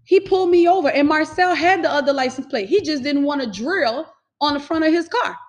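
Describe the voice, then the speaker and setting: Animated woman telling a story. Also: sits high, brisk. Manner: emphatic, animated, swears freely. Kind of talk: casual storytelling.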